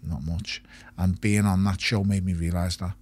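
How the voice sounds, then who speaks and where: A man's voice: deep voice, flat delivery, moderate pace, darkish tone, breathy edge. A middle-aged man, a retired boxer talking candidly in an interview, blunt and swearing. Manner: blunt, swears often, repeats words when emphatic. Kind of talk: candid podcast conversation.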